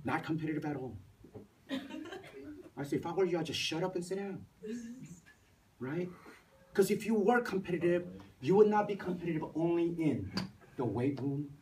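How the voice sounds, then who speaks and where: A man's voice: fairly high pitch, moderate pace, pauses often. A man lecturing a university class, telling stories with rhetorical questions and acting out the people he quotes. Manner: animated storytelling with rhetorical questions; emphatic, acts out quoted voices. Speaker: university professor. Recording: distant mic with faint noise.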